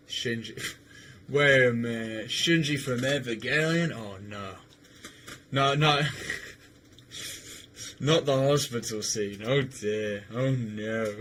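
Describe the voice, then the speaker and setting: Bright-voiced streamer man. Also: mid-range voice, a little hiss or hum. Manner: rambling, swears, stammers, laughs easily. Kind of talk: casual livestream chat while gaming.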